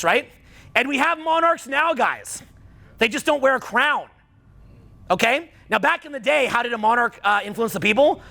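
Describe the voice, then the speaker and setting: A man's voice: very high voice, animated, brisk, vocal fry, pushed and bright. A middle-aged man coaching a live seminar audience, blunt and profane, rising to heated outbursts. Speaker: dating and social skills coach.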